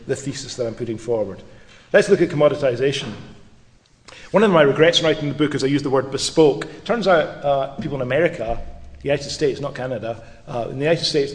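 A man's voice: medium pitch, a little mellow. A middle-aged man, a law professor, giving a public lecture with wry, dry humour and occasional restarts. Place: lecture hall with audience. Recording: long reverb of a lecture hall.

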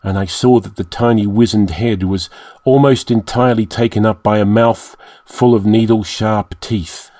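Low-voiced man narrating a dark tale. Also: steady tone, no room sound. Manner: measured, dramatic storytelling. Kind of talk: audiobook narration.

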